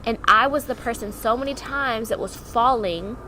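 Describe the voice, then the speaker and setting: A woman's voice: on the high side, moderate pace, slight background noise, low-quality recording. A woman in her twenties, a podcast co-host, telling a candid personal story and acting out remembered dialogue. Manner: animated, acts out remembered dialogue.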